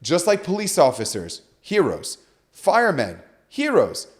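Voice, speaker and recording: A man's voice: a little high, wildly swooping pitch, unhurried. A man on a podcast, telling a story with animation and acting out the quoted dialogue. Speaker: guest speaker.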